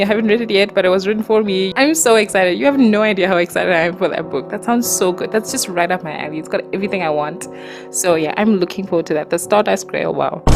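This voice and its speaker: A woman talking casually about books to her viewers, animated and exasperated, with lots of fillers and laughs, recorded in a dark room at night. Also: mid-range voice. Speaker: booktuber. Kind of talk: casual ranting book review.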